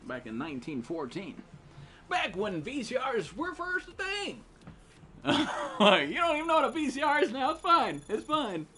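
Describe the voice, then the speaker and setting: A young man streaming a shooter game, cursing and trash-talking with friends in excited, loud outbursts. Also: extremely high pitch, moderate pace, noisy background. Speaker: gaming streamer. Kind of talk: live gameplay commentary with friends.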